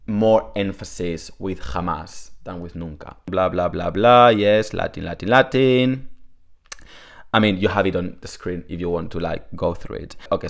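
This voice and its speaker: Casual lesson from a guy, lowish voice, rambles a lot with fillers and jokes at himself. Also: creaky. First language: Spanish. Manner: chatty, rambling, self-deprecating, filler-heavy. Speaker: Spanish teacher.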